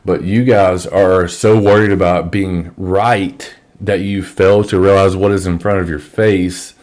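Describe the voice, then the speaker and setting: A man's voice: lowish voice, darkish tone. A man teaching trading in an office on a microphone, lecturing bluntly and with profanity. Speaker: trading educator. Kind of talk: screen-share trading lesson.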